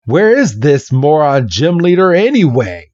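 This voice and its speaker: A man's voice: a little high, sing-song, a little slow, darkish tone, no room sound, pitched above the performer's own voice. A man voicing a brash, cocky boy trainer with a lifted, eager delivery. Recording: dull, muffled lo-fi recording.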